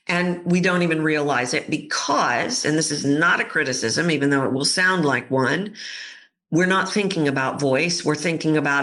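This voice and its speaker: Bright-voiced woman voice coach. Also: deep voice, normal speed. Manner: expressive, acts out quoted voices. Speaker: voice coach guest. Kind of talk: podcast interview.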